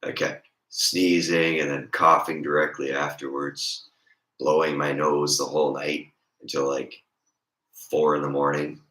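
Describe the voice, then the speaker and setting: Hoarse raspy guy chatting on stream, super deep voice, echoey room. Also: flat delivery, unhurried, bright, forceful tone. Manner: rambling and joking. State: hoarse, congested. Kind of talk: casual chat.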